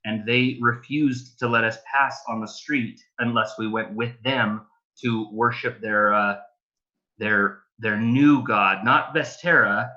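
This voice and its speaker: A tabletop-game player, a man who speaks slowly and hesitantly, restarting his sentences. His voice is bright, and the recording sounds slightly dull and lo-fi. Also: medium pitch, fairly even intonation. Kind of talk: casual tabletop role-play.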